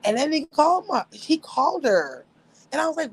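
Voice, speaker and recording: Woman, young adult, profane, animated, laughs often, slightly high-pitched. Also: fairly quick, rough recording. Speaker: livestream host. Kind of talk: casual storytelling to viewers.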